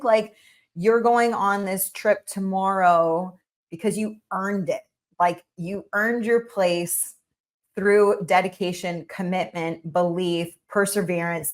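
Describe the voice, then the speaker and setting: A woman hosting a podcast interview, talking in an encouraging, effusive way with many fillers. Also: mid-range voice. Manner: encouraging, effusive, heavy use of "like". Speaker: podcast host. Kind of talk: casual interview chat.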